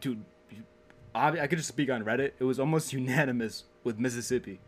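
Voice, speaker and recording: A man's voice: medium pitch, a little fast. A young man from Connecticut co-hosting a casual chat, rambling with many fillers and laughing easily. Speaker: podcast co-host.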